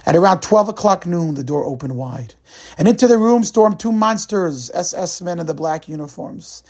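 A gravelly, husky male rabbi tells a weekly sermon story at a slow, dramatic pace. His voice is dark and mellow. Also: high-pitched, expressive.

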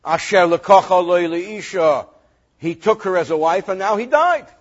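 Male rabbi, reading, lively joking lesson; raspy tone and a muffled, low-fi recording. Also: moderate pace. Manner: animated, joking, reads Hebrew verses then translates. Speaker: rabbi teaching Torah.

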